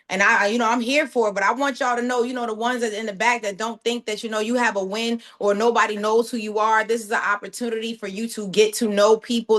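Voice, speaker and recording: A woman, a sales coach hosting a team training call and cheering on her members. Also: on the high side. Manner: energetic, encouraging, says "y'all".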